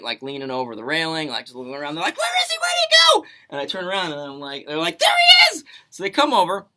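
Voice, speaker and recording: A young man co-hosting a radio show, telling a story in casual banter and acting out the quotes. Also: fairly high pitch. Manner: animated storytelling with acted-out quotes. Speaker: radio co-host.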